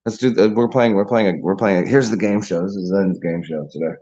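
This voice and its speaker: Low husky guy rambling and laughing on a lo-fi stream, casual beer chat. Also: fairly quick, dark tone. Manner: rambling, laughing, drinking beer and chatting with viewers. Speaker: livestream host.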